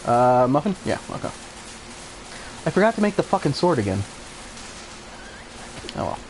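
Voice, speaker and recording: A man chatting as he plays through a video game on stream. His voice sits at an average pitch, loose and offhand, and he swears freely. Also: sing-song, moderate pace, darkish tone, slight background noise, rough recording. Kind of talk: casual let's-play commentary.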